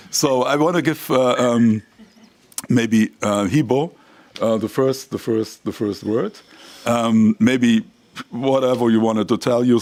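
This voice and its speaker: Male festival host, press briefing; low-ish voice, stops and restarts as he looks for words. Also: a little mellow, no room sound. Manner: halting, restarts phrases while searching for words.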